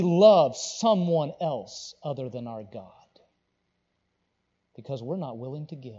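A man preaching a sermon, rising to loud, pressing emphasis and then dropping to low, earnest tones. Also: expressive, takes it slowly, long pauses, in a large hall, highs cut off. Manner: swings between loud preaching and quiet, low earnest talk. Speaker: pastor.

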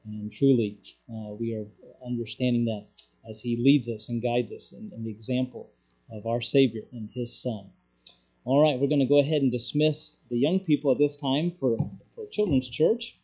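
A middle-aged man preaching a sermon as pastor, in a halting, conversational way with frequent fillers and restarts. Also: mid-range voice, fairly even intonation, a little mellow.

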